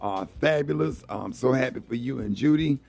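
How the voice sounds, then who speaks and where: A man hosts a morning radio show in a gravelly, mid-pitched voice. He gives effusive shout-outs and thanks, often stumbling over uhs, with faint music underneath. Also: normal speed. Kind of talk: casual morning radio talk.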